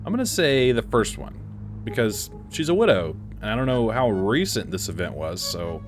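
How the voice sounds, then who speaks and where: A man's voice: lowish voice, very animated, normal speed, over music. A young man giving casual, hyper Let's Play commentary, chatty and prone to mumbling and laughing. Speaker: gaming YouTuber.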